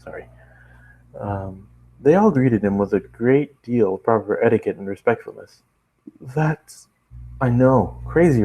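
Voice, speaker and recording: Low-voiced man reading fan fiction casually, chatty and self-deprecating, tripping over words now and then. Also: muffled recording. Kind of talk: casual story reading with asides.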